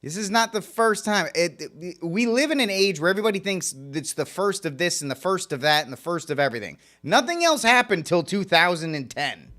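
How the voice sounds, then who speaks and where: A man hosts a talk radio show in a fairly high, very lively voice that swoops up and down. He comments with quick sarcastic asides and plenty of emphasis.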